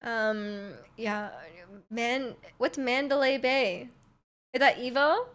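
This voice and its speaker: A young woman with a light, high, slightly bright voice chats casually on a livestream at a slow pace. She reads the chat, rambling in a friendly way, answering viewers' questions and often restarting her sentences.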